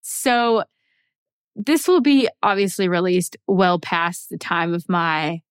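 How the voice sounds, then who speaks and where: Excitable young woman podcast co-host. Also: lowish voice, slow, clear, resonant tone, no room sound, clean studio sound. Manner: excitable storyteller, acts out her own reactions. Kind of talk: casual chat.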